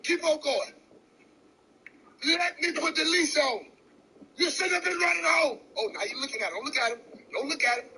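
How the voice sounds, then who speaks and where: High-pitched man, piercing bright tone, loud scolding, winded. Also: moderate pace, pauses often, rough recording. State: out of breath. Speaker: vlogger. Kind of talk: casual vlog narration.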